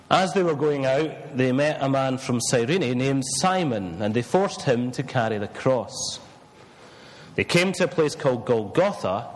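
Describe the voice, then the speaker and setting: Preacher in a reverberant church. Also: male voice, mid-range voice. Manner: measured reading, then hesitant with fillers. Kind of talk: scripture reading and sermon.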